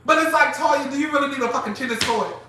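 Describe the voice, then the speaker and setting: A man with a very high, sharply bright voice hosts a live chat show, animated and profane and often laughing. His voice rings in a very echoey room. He sits a little back from the mic. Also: fast talker, recorded from a distance, slight background noise. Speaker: host. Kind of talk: casual live commentary.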